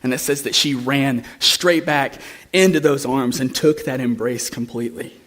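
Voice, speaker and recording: A man's voice: mid-range voice, moderate pace, a bit bright. A young man preaching a sermon, telling a story in a conversational way that builds to impassioned pleas.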